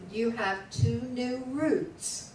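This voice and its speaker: A woman's voice: a little high, very slow, darkish tone. A woman teaching a class, patiently drilling words aloud and asking students to repeat them syllable by syllable. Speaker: Hebrew teacher. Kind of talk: classroom lesson. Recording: echoey room, voice from far off, faint background hum.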